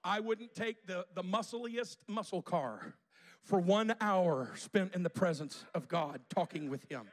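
A man's voice: high voice, a little slow. A male pastor preaching a sermon to a congregation in a church, using repetition and call-and-response.

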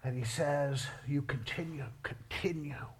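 A man preaching a sermon, moving between quiet storytelling and loud, drawn-out climaxes. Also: fairly high pitch. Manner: dramatic, swings from quiet storytelling to shouted climaxes; slow, drawn-out emphasis on key words.

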